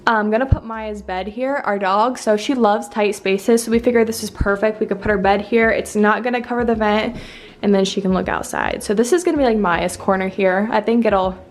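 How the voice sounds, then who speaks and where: A woman's voice: mid-range voice, fairly quick. A young woman vlogging a tour of her empty apartment, chatty and upbeat, with lots of "like" fillers. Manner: chatty, uses "like" often, upbeat. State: a bit out of breath. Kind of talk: casual home tour vlog. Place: empty apartment with bare rooms, indoors.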